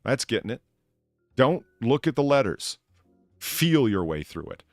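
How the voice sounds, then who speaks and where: A man's voice: medium pitch, sing-song, a little slow, dry recording, studio quality, soft background music. An American man hosting a casual chat, with a sarcastic, mock-pompous way of talking. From United States. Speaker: podcast host.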